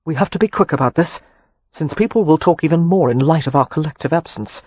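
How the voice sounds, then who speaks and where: A woman reading the part of a flippant young brother who talks quickly. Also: sits low, a little mellow, breathy edge, no room sound.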